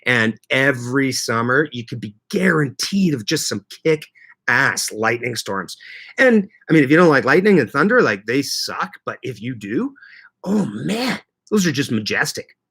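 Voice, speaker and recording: A man from Manitoba hosting a casual livestream, greeting viewers by name and chatting in a lively, laughing way. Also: mid-range voice, unhurried, breathy edge. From Canada (Manitoba). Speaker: livestream host reading chat.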